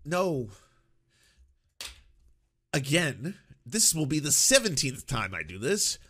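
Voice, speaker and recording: High, bright male commentator, incredulous and exasperated, swearing often in casual reaction talk. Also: big pitch swings, slow, husky. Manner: exasperated, swearing, laughing in disbelief.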